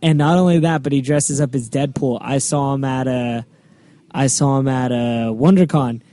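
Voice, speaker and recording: A man's voice: mid-range voice, fairly even intonation, normal speed, mellow. A man hosting a comics podcast, rambling and laughing while he tells stories. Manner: rambling, lots of laughing and quoting. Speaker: podcast host. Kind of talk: casual chat.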